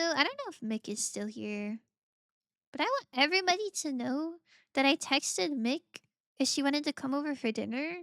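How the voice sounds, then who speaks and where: Woman streamer, casual playful chat; slightly high voice with some vocal fry, dry close mic. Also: fairly bright tone, no echo. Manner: playful, rambling, giggly, reads out chat. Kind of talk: casual live-stream chat while gaming.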